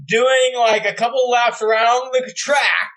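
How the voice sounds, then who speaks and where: Male podcast host, bright sharp voice, crude and playful banter. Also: very high voice, fairly even intonation, measured pace. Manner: blunt, swears freely, teasing. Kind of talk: casual podcast chat.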